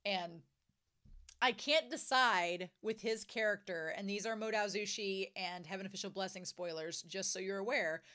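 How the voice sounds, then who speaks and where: Bright-voiced woman chatting about a book. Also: moderate pace. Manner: animated, swings to excited high squeals. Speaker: book reviewer. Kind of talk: casual book discussion.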